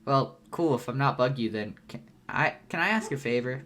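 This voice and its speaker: An awkward young man, read by a man, who rambles on and trips over his own sentences. He sounds insecure and self-conscious, with a voice of ordinary middle pitch. It is a fan read-aloud of a web comic. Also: animated, fairly quick, a bit bright, close to an everyday voice.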